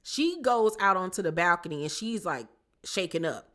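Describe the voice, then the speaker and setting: Chatty woman recapping gossip, low voice. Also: normal speed. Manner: animated, chatty, slangy, acts out quotes. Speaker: reality TV recap YouTuber. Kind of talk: casual gossipy show recap.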